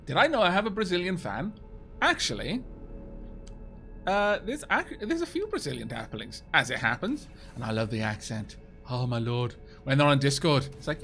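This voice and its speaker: A Welsh man chatting quickly and casually with his viewers while he plays a game, poking fun at himself as he goes. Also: mid-range voice, big pitch swings, fairly bright tone, soft background music. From Wales. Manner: fast-talking, chatty, self-mocking. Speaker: game streamer. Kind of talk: casual live-stream chat over gameplay.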